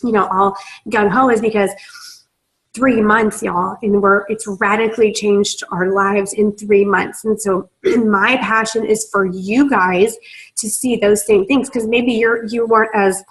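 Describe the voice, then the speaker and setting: A woman's voice: medium pitch, steady tone, measured pace, low-quality recording. A young woman, a team leader on a video call, talking emotionally and gushing with many fillers, close to tears. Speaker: team leader in a sales business.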